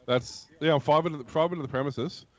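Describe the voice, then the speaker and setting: A man's voice: fairly high pitch, fairly quick, dry recording, dull audio. A man co-hosting a casual tech podcast, talking in a dry, sardonic way. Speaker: podcast co-host.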